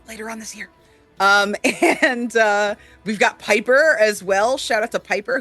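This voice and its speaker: A man with a rather high, bright and forceful voice co-hosts a casual talk show. He talks earnestly, with plenty of filler words. Faint music plays behind him. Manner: earnest, many fillers, warm shout-outs. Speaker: co-host. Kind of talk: casual chat.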